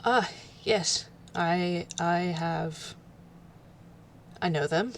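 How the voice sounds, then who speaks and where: A woman playing a tabletop role-play, talking hesitantly with many pauses and fillers. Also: fairly low pitch, a little hiss or hum. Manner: hesitant, lots of ums and trailing off. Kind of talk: casual in-character role-play chat.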